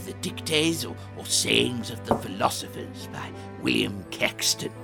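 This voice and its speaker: Bumbling, stammering man in a sketch, slow and gravelly, music behind. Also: mid-range voice, expressive. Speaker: comedy sketch performer. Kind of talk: comedy sketch acting.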